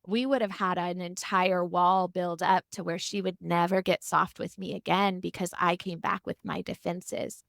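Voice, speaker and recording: A middle-aged woman therapist, a guest on a podcast interview, telling stories and acting out the quotes with lively animation. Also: lowish voice, normal speed, gravelly, few pauses, dry recording, clean studio sound. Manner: animated storytelling, acts out quotes. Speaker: family and marriage therapist, guest.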